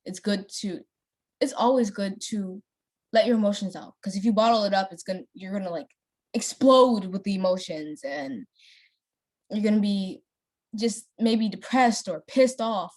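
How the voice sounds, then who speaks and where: A young adult woman chatting casually as a gameplay vlogger, rambling with many fillers and laughing easily. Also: medium pitch. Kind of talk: casual chat while playing a story game.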